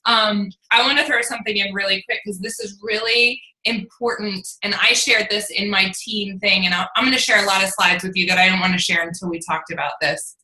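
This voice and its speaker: A woman fitness coach chatting casually, telling stories in an animated way and swearing freely. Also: mid-range voice, brisk, hardly any pauses, echoey room, rough recording. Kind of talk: casual chat recapping an event.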